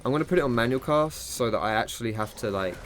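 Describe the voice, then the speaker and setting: A man's voice: medium pitch, expressive, quick pace, fairly bright tone, slight background noise. A young man commentating his own gameplay live, self-critical and rambling, with casual slang and swearing. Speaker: gaming streamer.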